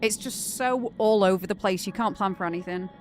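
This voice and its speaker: A woman's voice: medium pitch, a little fast. Young Northern English woman, game streamer, rambly casual chat, faint music underneath. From Greater Manchester, England. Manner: rambling and chatty, with frequent fillers.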